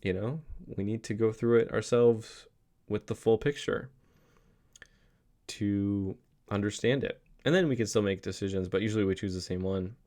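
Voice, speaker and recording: A man's voice: fairly low pitch, moderate pace, a little mellow. A young adult man talking to his kids in a casual, reflective vlog, rambling earnestly with many fillers and restarts. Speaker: father vlogging a daily reflection.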